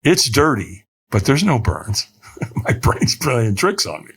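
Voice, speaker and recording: A man, a podcast guest, telling a story with energy and acting out the voices of the people in it, sometimes shouting their lines. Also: mid-range voice, big pitch swings, slow, husky. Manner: acts out quoted voices, shouting some lines. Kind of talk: animated storytelling in conversation.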